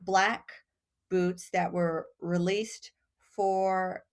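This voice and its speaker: Drawing out her words in a fairly low voice, this Texan podcast guest spins a long story during a casual chat. She laughs a lot and animatedly performs the voices of the story's characters.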